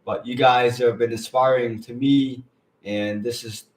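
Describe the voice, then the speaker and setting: A man hosting a casual live stream, talking earnestly and haltingly, repeating himself and getting teary. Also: medium pitch, fairly even intonation, a little mellow, echoey room, recorded from a distance. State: teary, emotional.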